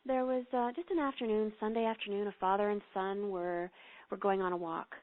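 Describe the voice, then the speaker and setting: A woman guest telling a story and leading a guided meditation, earnest and gently instructive. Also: mid-range voice, fairly even intonation, a little fast. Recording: phone-line audio.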